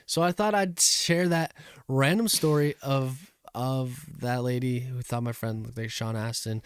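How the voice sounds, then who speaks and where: A man's voice: mid-range voice, fairly even intonation, a little slow, smooth. Rambling young man telling a story. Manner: rambling storyteller, laughs often, yelps punchlines. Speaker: podcast co-host. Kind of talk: casual chat.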